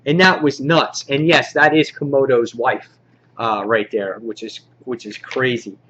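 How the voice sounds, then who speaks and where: Excited man rambling through comic reviews. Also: mid-range voice, measured pace, highs cut off, a little hiss or hum. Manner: enthusiastic, rambling, many fillers. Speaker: comic book vlogger. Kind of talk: casual comic review countdown.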